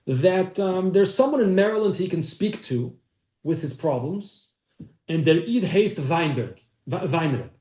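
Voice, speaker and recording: A man's voice: a little high, animated, measured pace, mellow. Man teaching a class in an echoey room. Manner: storytelling, acts out quoted speech. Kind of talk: telling a story in a class.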